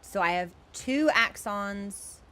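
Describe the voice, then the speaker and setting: A woman's voice: medium pitch, lively intonation, slow pace, sharp tone. A young woman streaming a video game, chatting in a playful, giggly, rambling way. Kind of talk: casual gaming stream chat.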